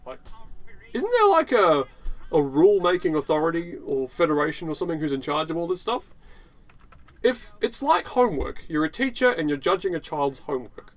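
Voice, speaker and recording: A man's voice: a little high, lively intonation, a little fast, low-quality recording. Sarcastic man ranting casually. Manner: sarcastic, profane, dismissive. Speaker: video blogger.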